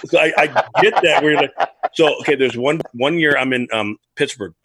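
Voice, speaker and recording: A man's voice: medium pitch, moderate pace, pushed and bright, breathy edge, no room sound. A man, a former baseball player, chatting enthusiastically and telling locker-room stories. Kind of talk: casual chat.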